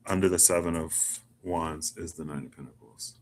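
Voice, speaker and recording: A man's voice: rumbling low, moderate pace, a little hiss or hum. A man doing a casual self tarot reading, musing and rambling with lots of "like". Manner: musing, rambling, chatty with filler "like". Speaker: tarot reader.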